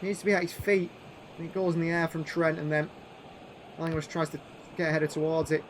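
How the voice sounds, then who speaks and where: A man giving play-by-play commentary over a football video game, calling names in short bursts and shouting when chances come. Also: on the high side, little pitch movement, fast, slight background noise. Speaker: gaming YouTuber doing live commentary.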